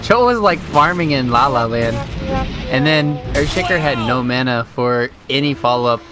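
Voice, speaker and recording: A man's voice: medium pitch, normal speed, over music. A man giving casual, rambling esports analysis with slang as a color commentator.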